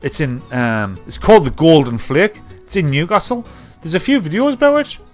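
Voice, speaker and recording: A man's voice: fairly high pitch, wildly swooping pitch, normal speed, soft background music. Sweary man ranting. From North East England. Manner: sweary, loud and mocking. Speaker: livestream host. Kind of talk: casual chat reacting to clips.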